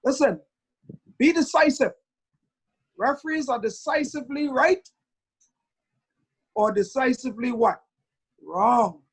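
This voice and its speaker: A middle-aged man teaching referees over a video call in an online training lecture, emphatic and drawing out key words slowly. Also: very high voice, breathy edge, poor audio. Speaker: referee instructor.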